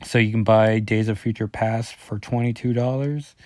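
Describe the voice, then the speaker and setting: A man's voice: on the low side, fairly even intonation, moderate pace, a little mellow, dry recording. A man casually talking through a comic book issue as a reviewer, rambling and correcting himself often with lots of fillers.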